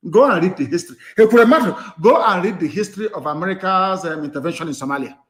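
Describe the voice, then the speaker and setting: A political activist from southeastern Nigeria gives a live radio speech in a Nigerian accent and a somewhat high voice. Fiery, scornful, and talking fast and animatedly, he swings from loud bursts to low, muttered asides.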